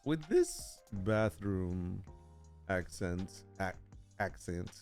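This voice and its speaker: Lively, chatty male streamer. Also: deep voice, very slow, soft background music. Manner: chatty, reads aloud, jokes with chat. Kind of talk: casual live-stream chat.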